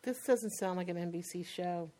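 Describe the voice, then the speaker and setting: A woman with a New York accent co-hosting a casual chat about TV shows, chatty and quick to laugh. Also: on the low side, dark tone. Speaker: podcast co-host.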